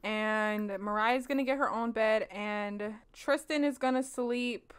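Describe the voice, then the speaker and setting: A young woman casually commenting on her life-sim game for viewers, animated, laughing and slangy. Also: on the high side, takes it slowly, smooth. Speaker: let's play host.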